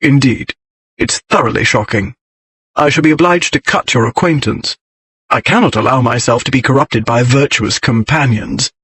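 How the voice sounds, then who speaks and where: A man's voice: mid-range voice, normal speed, fairly bright tone, breathy edge. A man voicing a big, brooding aristocrat who drawls with sardonic wit.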